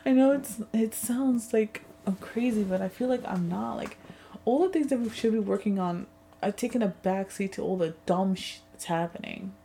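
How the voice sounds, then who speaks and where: A woman's voice: mid-range voice, moderate pace, mellow, a little hiss or hum. A young woman in a casual vlog, venting in a rambling way with frequent swearing and sarcastic asides. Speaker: vlogger. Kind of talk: casual chat.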